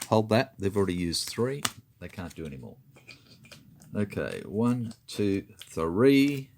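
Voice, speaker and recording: A man's voice: lowish voice, very animated, a little slow, noisy background. A man talking through his moves in a tabletop wargame, methodically counting dice and spaces aloud. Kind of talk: talking through a board game turn.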